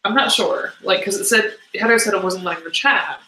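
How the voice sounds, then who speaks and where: A woman's voice: medium pitch, brisk, pushed and bright, reverberant, slight background noise, rough recording. A woman co-hosting a casual livestream chat, talking in an easy, unsure way. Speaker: co-host.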